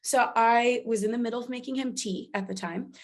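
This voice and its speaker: A woman's voice: a little high, brisk. A woman guest on a podcast, telling a personal story in casual chat and animatedly acting out the dialogue she quotes.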